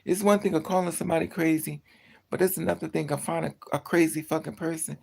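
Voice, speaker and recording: Casual livestream host: gravelly, profane and blunt, worn-out delivery that trails off. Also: medium pitch, fairly even intonation, quick pace, darkish tone. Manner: tired, drifting, trails off. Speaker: livestreamer talking to chat.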